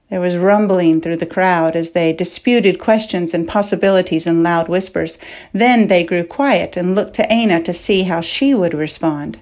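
A woman narrating a novel in measured, unhurried storytelling. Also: fairly low pitch, a little mellow. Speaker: audiobook narrator.

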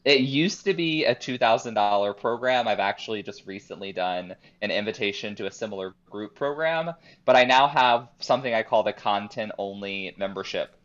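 A man guesting on a podcast, explaining his program in a relaxed, chatty way. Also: on the low side, moderate pace, hardly any pauses. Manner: relaxed, chatty, uses "like" and "um" a lot. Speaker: podcast guest, business coach. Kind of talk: casual interview chat. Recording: dull lo-fi remote call.

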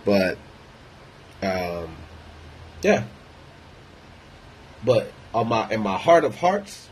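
A man's voice: on the low side, very animated, drawn-out words, long pauses, a little hiss or hum, rough recording. A man ranting in a casual monologue, rambling, blunt and heavy on profanity. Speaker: vlogger.

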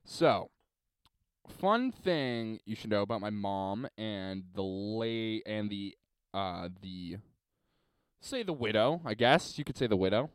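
Man, podcast host, casual solo storytelling, profane, rambling, smooth voice, dry close sound. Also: on the low side, animated, slow, no room sound. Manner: rambling, profane, laughs at his own story.

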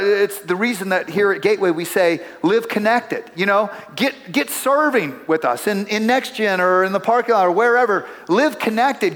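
A man's voice: sits high, fairly bright tone. A middle-aged man, a pastor, preaching a sermon in a church, talking in a conversational way and telling stories with asides to the congregation. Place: church sanctuary. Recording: long hall reverb.

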